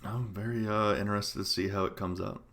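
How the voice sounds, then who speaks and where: Deep gravelly man, laid-back. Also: fairly even intonation, fairly quick, fairly bright tone, slight background noise. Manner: laid-back, brief replies, laughs a lot. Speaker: podcast co-host. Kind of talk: casual gaming podcast chat.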